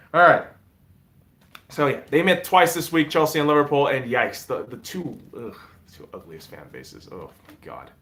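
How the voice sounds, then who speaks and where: A man hosting a podcast, ranting casually about football with lots of swearing, dropping into mumbled asides and jumping to loud outbursts. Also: mid-range voice. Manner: profane, swings between mumbling asides and loud excited outbursts. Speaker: podcast host. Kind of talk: casual sports rant.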